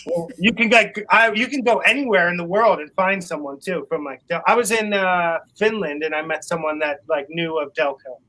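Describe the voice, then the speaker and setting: A man's voice: high-pitched, moderate pace, sharp tone, low-quality recording. A man, a musician guest chatting casually on a video call, laughing often and rambling with restarts. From Philadelphia area.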